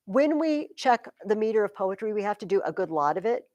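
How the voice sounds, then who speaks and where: A woman teaching a high school English class, explaining poetry in a chatty, lively way. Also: brisk, dry recording. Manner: chatty, explains with sing-song rhythm examples. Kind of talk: classroom lecture.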